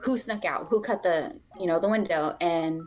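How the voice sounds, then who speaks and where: A woman's voice: on the low side, normal speed, faint music behind. A young woman co-hosting a podcast, casually telling a personal story, swearing freely and acting out what people said. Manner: candid, swears freely, acts out quoted dialogue. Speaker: podcast co-host.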